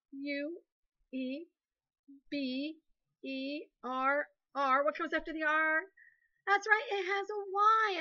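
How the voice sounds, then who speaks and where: A woman, a second grade teacher giving a playful, animated phonics lesson to young children. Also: high voice, muffled recording.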